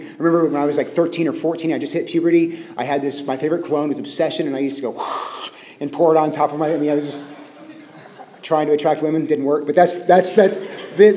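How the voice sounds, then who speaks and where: A male pastor with a rather high, light voice gives a conversational sermon in a church. His words ring out with a long reverb from the hall around him. He drops almost to a hush when he wants to stress a point. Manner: conversational preaching with self-deprecating asides; drops to a hushed tone for emphasis.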